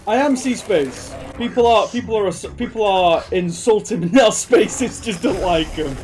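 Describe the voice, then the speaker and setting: High-voiced Yorkshireman streaming a game. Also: moderate pace, darkish tone, faint music behind. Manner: jokey, chatty, swears mildly and mutters to the screen. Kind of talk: casual gameplay commentary.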